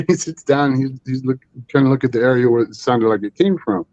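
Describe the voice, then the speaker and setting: A man's voice: mid-range voice, fairly quick, darkish tone, no room sound. Man, guest, casual rambling storytelling, lots of fillers, dry lo-fi audio. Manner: rambling, full of 'you know' and restarts. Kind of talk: casual storytelling on a live stream.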